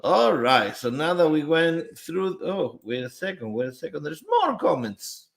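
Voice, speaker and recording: A man's voice: on the high side, lively intonation, moderate pace, vocal fry. A man hosting a live stream in a casual chat style, greeting viewers one by one and reading out their comments. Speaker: livestream host.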